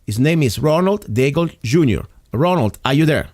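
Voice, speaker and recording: A man hosting an interview show, speaking earnestly and haltingly, with frequent restarts and fillers. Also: a little high, lively intonation, a little mellow, dry recording, studio quality. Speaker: interview host. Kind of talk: opinionated talk show monologue.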